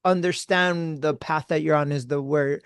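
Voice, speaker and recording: A man's voice: a little high, steady tone, moderate pace, smooth, no echo, clean studio sound. A man hosting a podcast, laid-back and encouraging, with casual slang. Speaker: podcast host.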